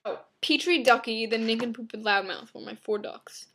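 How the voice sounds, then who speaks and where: Blunt young woman vlogger, brisk. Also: a little high, pushed and bright. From Long Island, New York. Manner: blunt, flippant, quick asides. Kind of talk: casual Q and A vlog.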